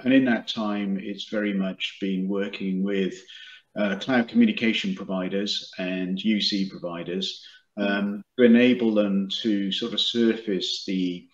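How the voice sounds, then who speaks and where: A man, a company executive, explaining his business in an interview over a video call, with many fillers and restarts. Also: sits low. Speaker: guest, product and marketing executive. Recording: echoey room, dull lo-fi sound.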